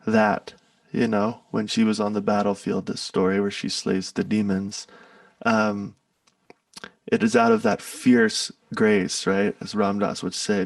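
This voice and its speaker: Gravelly, rambling man telling a story. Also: on the low side, dry recording, far from the mic. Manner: relaxed, rambling, laughs often. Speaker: musician guest. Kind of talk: casual spoken reflection and storytelling.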